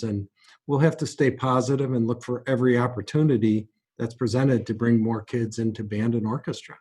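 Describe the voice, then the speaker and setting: A man answering interview questions as a guest, in a measured, earnest way with some stumbles. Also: mid-range voice, darkish tone, breathy edge. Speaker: guest, music company president.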